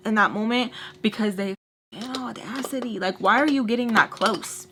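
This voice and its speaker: A young woman telling a dramatic story while doing her makeup, acting out what people said, shifting from hushed asides to loud outbursts. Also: mid-range voice, moderate pace, slight background noise. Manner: expressive storyteller, acts out quotes, switches loud and soft. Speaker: beauty vlogger telling a story.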